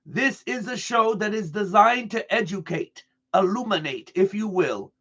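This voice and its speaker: High-voiced man reading aloud earnestly. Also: animated, a bit bright, slightly rough, highs cut off. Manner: earnest, deliberate delivery with restarts over words. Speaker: reader.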